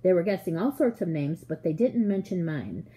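A woman reading a children's novel aloud in an expressive, measured way. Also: lowish voice, rough recording. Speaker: audiobook reader. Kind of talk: storybook narration.

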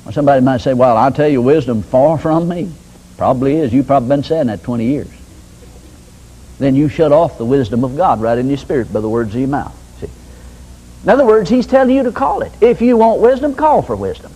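A man's voice: mid-range voice, animated, fast, mellow, breathy edge, low-quality recording. An older man preaching a sermon in a folksy, conversational way with homespun examples. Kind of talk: sermon teaching.

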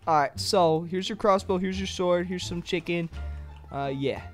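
A woman's voice: lowish voice, moderate pace, soft background music. Flustered young woman gamer. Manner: flustered, stammering, yelps. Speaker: Minecraft roleplay player as servant. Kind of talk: playful game roleplay chat.

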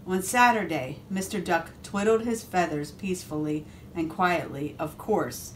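Slow, expressive woman reading to children. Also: lowish voice, slight background noise. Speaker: police officer reading to children. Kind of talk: reading a picture book aloud to a class.

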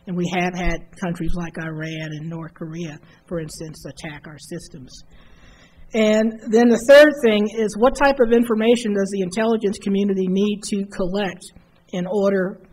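A woman's voice: on the low side, a little mellow, slightly rough. A woman giving a motivational keynote speech, telling a story that builds to an emphatic refrain. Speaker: keynote speaker. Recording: faint noise, live conference hall.

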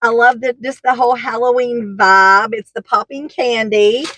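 Gushing woman, higher voice. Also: fairly even intonation, moderate pace, fairly bright tone, rough recording. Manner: chatty, gushing, rambling with fillers. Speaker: haul vlogger. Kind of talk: casual product haul chat.

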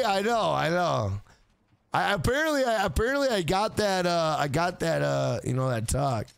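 A man's voice: high-pitched, big pitch swings, normal speed, gravelly, clean tone, no room sound. A man streaming a game, chatting casually with his viewers in a joking, profane way. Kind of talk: casual gaming livestream chat.

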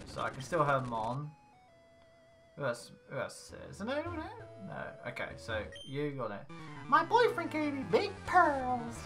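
A let's play host giving casual gameplay commentary in a chatty way, reading game text aloud in playful voices. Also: medium pitch. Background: game music.

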